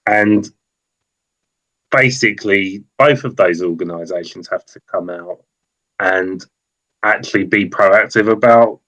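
A man talking football and politics on a podcast, hesitant and thinking aloud with many pauses. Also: lowish voice, fairly bright tone, dull audio. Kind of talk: casual football podcast chat.

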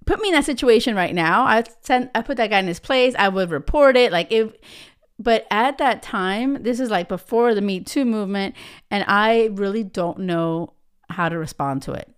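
Recounting something from her own life, this podcast host chats along with plenty of "right?" and "you know." She's an American woman in her thirties whose animated, mid-range voice is clean-toned and moderately paced.

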